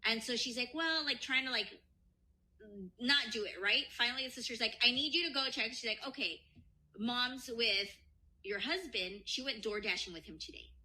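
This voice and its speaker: A woman co-hosting a podcast, casually retelling a story with animated quoted voices and lots of swearing. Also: fairly high pitch, moderate pace. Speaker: podcast co-host.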